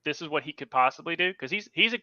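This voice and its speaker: A man's voice: fairly high pitch, lively intonation, fast, bright, forceful tone, no room sound. A man co-hosting a fantasy football podcast, chatting casually, rambling and correcting himself as his voice trails off. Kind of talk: casual sports chat. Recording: dull, dry lo-fi mic.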